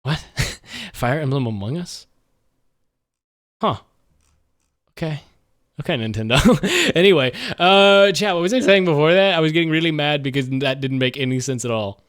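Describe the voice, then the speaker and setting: High-voiced young man streaming games. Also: no room sound, studio quality. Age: 20s. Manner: animated, rambling, quick to rant. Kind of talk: casual livestream commentary while gaming.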